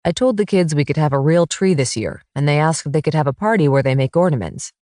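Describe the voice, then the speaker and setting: A woman reading as an easygoing young father in an audiobook, speaking quickly and offhandedly. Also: deep voice, dark tone, no echo, clean studio sound, close to an everyday voice. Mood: offhand. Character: easygoing young dad, athlete.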